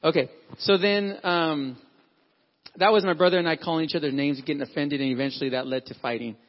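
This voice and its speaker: Speaking briskly in a slightly high voice, a middle-aged pastor delivers a sermon built on personal stories, told conversationally with quotes acted out. It was recorded dully in a reverberant church hall.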